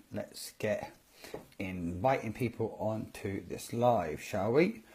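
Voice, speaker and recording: A man's voice: fairly low pitch, warm tone. A man hosting a casual live video stream on network marketing, upbeat and chatty, greeting viewers one by one by name. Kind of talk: casual Facebook Live talk.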